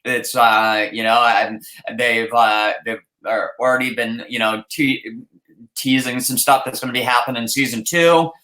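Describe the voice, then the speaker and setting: This man hosts a loose podcast chat, his voice bright and forceful. He rambles and often restarts his sentences. The sound is roomy and echoey. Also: medium pitch, steady tone, normal speed. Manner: rambling, many fillers and restarts. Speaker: podcast host.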